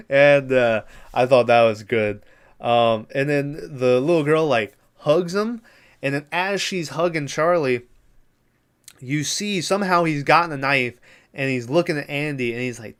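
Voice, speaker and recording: A man's voice: medium pitch, unhurried, a bit bright, clear, resonant tone. A young man hosting a podcast, giving a casual, rambling recap of a TV show with plenty of fillers and swearing. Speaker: podcast host.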